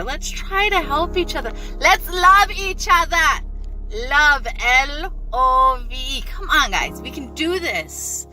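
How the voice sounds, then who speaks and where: A woman's voice: sits high, bright, forceful tone. A woman vlogger telling a store story in a casual, earnest, exasperated rant to camera.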